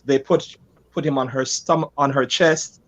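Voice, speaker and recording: A pastor telling a lively, self-deprecating story about his life as a guest in a conversation. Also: mid-range voice, a little slow, muffled recording.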